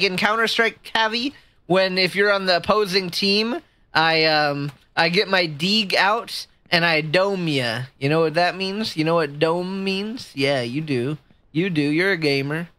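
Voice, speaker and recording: Bright, bubbly woman streamer. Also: measured pace. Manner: chatty, jumps into a high squeaky voice when excited or nervous. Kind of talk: casual gameplay commentary.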